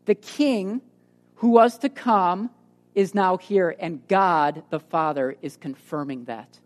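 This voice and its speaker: A woman's voice: on the low side, slow. A woman preaching a sermon, emphatic, swinging between raised and dropped delivery for emphasis. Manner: emphatic, rises and drops for emphasis. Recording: reverberant hall.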